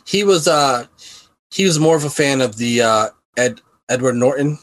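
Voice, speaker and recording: Relaxed male podcast co-host. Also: mid-range voice, normal speed, rough recording. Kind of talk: casual chat.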